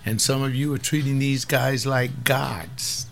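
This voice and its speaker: Confrontational male preacher, gravelly voice, mid pitch, faint music behind. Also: steady tone, measured pace. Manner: confrontational, scolding, emphatic. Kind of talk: fiery sermon on a webcast.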